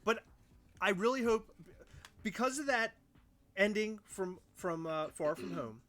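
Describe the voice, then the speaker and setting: A man's voice: sits high, expressive, measured pace, a bit bright. A young man co-hosting a casual podcast chat, ranting with mock outrage. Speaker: podcast co-host.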